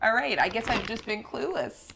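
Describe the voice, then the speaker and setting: A woman's voice: on the high side, big pitch swings, moderate pace, creaky, fairly bright tone, slight background noise. A woman, a mother, chatting casually with her family, teasing and laughing often.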